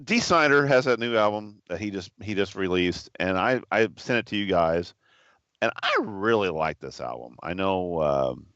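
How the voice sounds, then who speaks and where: A man co-hosting a podcast in a relaxed, hesitant manner with many fillers. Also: low voice, moderate pace, no echo, dull audio. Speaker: podcast co-host. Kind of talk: casual podcast chat.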